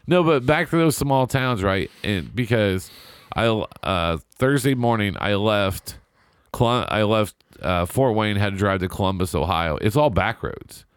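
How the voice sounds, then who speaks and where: A middle-aged man with a somewhat low voice swaps stories in a relaxed, casual chat. He slips into the voices of the people he quotes, and the recording is dry and close. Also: measured pace, smooth, no echo.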